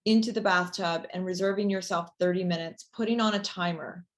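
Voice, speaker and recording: A woman being interviewed as a company founder, talking casually and chattily with many fillers, warming into an enthusiastic pitch. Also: steady tone, fairly quick.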